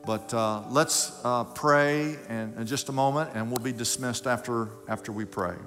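A man's voice: medium pitch, fairly even intonation, normal speed, a bit bright. A male pastor giving a sermon in a church, preaching emphatically and building his points. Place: church sanctuary. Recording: echoey hall with faint music.

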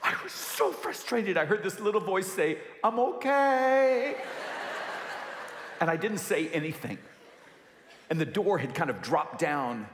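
A man's voice: a little high, moderate pace, a little hiss or hum. A man in his thirties, a pastor, preaching a sermon and acting out a family story. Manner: animated storyteller acting out dialogue. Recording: echoey hall with long reverb.

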